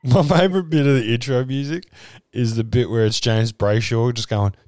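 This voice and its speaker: A man's voice: medium pitch, steady tone, moderate pace, a little mellow, clean tone, no room sound. An Australian man co-hosting a podcast, talking bluntly and swearing in casual banter. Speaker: podcast co-host.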